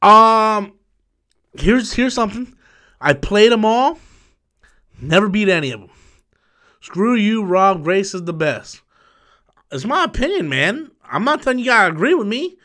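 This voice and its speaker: A man hosting a live stream from home in a high, bright voice. His talk is loose and profane, full of repeats and restarts, and he is quick to flare up at commenters. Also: very animated. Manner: profane, repetitive, quick to anger. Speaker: livestream host. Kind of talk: casual live stream chat.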